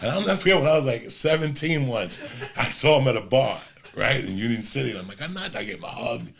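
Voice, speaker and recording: Gravelly, profane middle-aged male comedian. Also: medium pitch, fast. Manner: profane, animated storyteller doing voices. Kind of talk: storytelling on a podcast.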